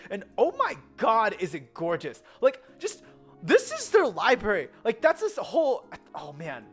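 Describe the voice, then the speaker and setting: A young American vlogger rambles about a trip in an easy, chatty way. The voice swings up and down with plenty of animation, and the talk is packed with fillers and quick self-corrections, while soft music plays underneath. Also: mid-range voice, huge pitch swings, breathy edge. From United States. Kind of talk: casual travel vlog chat.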